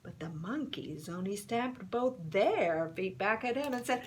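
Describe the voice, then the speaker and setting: Slow, lively woman storyteller. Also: medium pitch, very noisy. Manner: slow, expressive, with whispered suspense. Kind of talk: reading a picture book aloud.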